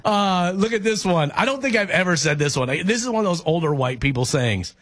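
Bright, lively-voiced man hosting radio. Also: high-pitched, a little fast. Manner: laughs often, reads listener texts aloud. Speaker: radio show host. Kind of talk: casual radio banter.

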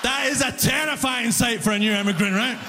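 High-voiced comedian on a reverberant stage. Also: male voice, a little fast, very noisy. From immigrant to Canada. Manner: animated storytelling, acts out characters. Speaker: stand-up comedian. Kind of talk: stand-up comedy routine. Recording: live venue reverb, faint crowd ambience.

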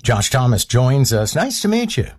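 Lively host, polished introductions. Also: male voice, mid-range voice, moderate pace, husky, no room sound. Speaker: radio or TV host. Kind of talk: broadcast interview.

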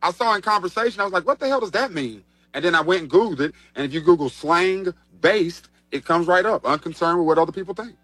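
A man's voice: high-pitched, fast, hardly any pauses, a bit bright, dry recording. A man hosting a quiz segment in casual banter, matter-of-fact as he hands down verdicts. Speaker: host running a quiz segment.

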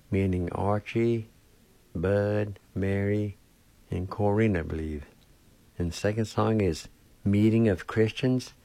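A man leads a language lesson on the radio, reading out spellings and pronunciations one careful step at a time. His voice is deep and warm, and he sets an unhurried pace. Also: vocal fry, dry recording. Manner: slow, careful spelling and pronouncing of words. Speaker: language teacher and radio host.

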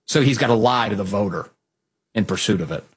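A man hosting a political talk show, delivering sarcastic, animated commentary. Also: on the low side, brisk, slightly rough. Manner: animated, sarcastic, mimics opponents.

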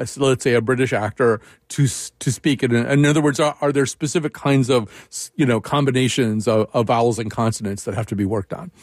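A man's voice: mid-range voice, dry recording. Male interviewer, searching for words, dry close-miked studio sound. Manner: halting, many restarts and fillers. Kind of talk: radio interview conversation.

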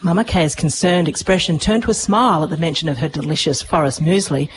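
A woman narrating a children's story with lively expression. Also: low voice, quick pace, slight background noise, poor audio. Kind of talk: storybook reading.

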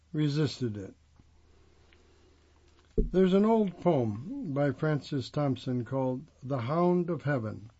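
An older man with a slightly high voice and a dark tone, heard through muffled lo-fi audio, tells a first-person story in a reflective monologue. A former prosecutor and judge who became a clergyman, he acts out quoted dialogue as he goes.

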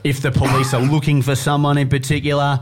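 A man's voice: fairly high pitch, quick pace, noisy background. Chatty Australian man telling stories. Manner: animated storyteller, acts out quotes. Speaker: podcast co-host. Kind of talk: casual chat.

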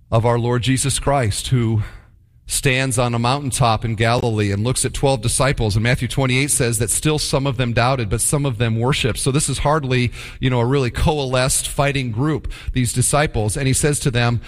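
A male pastor delivering a sermon with emphatic, animated storytelling. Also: medium pitch, normal speed.

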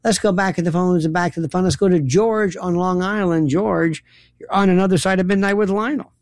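A man's voice: high voice, fairly even intonation, a little fast, a little mellow, no echo, studio quality. A man hosting a late-night radio call-in show, taking calls and giving folksy sign-offs. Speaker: radio talk show host.

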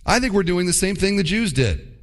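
A man delivers a sermon with an emphatic, animated delivery. His voice sits a little high for a man and swoops widely as he acts out short mock quotes. He preaches to his congregation. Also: brisk. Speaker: pastor.

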